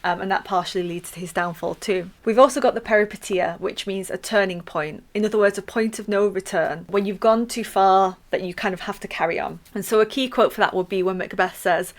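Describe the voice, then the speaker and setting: Chatty female teacher giving a revision lesson, playful and medium-pitched. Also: fairly even intonation, normal speed. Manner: chatty, playful, with acted-out quotes.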